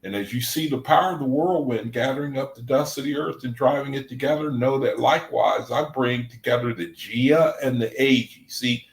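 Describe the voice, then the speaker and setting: A man's voice: medium pitch, moderate pace, hardly any pauses, echoey room, poor audio. A man leading a Bible study in a casual livestream talk. He speaks loosely and conversationally, often adding "man," and reads scripture passages aloud between his remarks. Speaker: Bible study group leader. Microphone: desk microphone.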